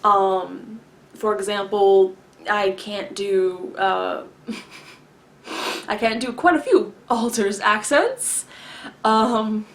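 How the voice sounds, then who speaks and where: A woman vlogger answering viewer questions in a deliberate, enunciated way, with long pauses, many filler words and some throat-clearing. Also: mid-range voice, fairly bright tone. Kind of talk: casual explanatory talk to camera.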